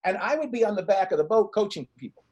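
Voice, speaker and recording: A man's voice: high-pitched, expressive, fast, highs cut off. A middle-aged man, a life coach, telling a long personal story in an interview and acting out the people he quotes.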